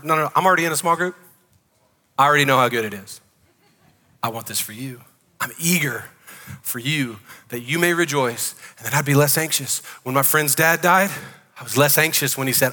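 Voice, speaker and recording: Southern guy pastor preaching, bright forceful voice, lots of jokes, big echoey church hall. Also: on the high side, fast talker. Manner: joking, animated preaching. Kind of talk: sermon. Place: church sanctuary.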